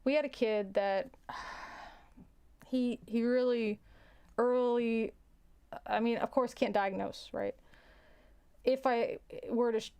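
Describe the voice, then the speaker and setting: A young adult woman, a teacher, telling a story in a casual, halting way, often repeating words and sighing. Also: a little high, fairly even intonation, a little mellow, clear, resonant tone.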